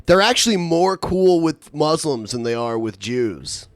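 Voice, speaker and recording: Male podcast co-host, fairly high voice, dry sound, easygoing manner. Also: animated, a little slow, no room sound. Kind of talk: casual chat.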